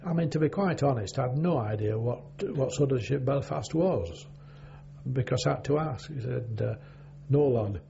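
An older man reminisces in an oral history interview, his voice gravelly and dark. He wanders through his memories with many pauses and fillers. The recording is muffled, with a low hum underneath. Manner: rambling, halting, with many fillers. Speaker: interviewee, former navy sailor. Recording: dull lo-fi recording with faint hum.

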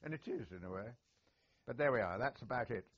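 A man's voice: mid-range voice, expressive, fairly quick. An older man, a retired army officer reminiscing in an oral history interview, chatty and genial with many filler sounds. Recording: dull lo-fi recording.

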